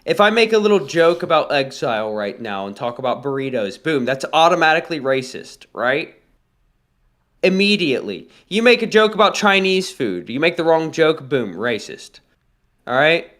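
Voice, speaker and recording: Blunt lecturing man, higher voice. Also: big pitch swings, moderate pace, a bit bright. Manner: blunt, lecturing, keeps asking "all right?". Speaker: livestream co-host. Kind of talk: casual political chat.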